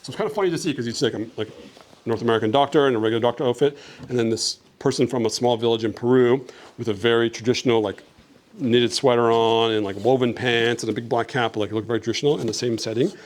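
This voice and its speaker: A man's voice: mid-range voice, fairly even intonation, fast talker. A young man from Canada chatting casually with a school class about his travels, upbeat and friendly, with lots of "like" fillers. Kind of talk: casual talk and Q&A with children.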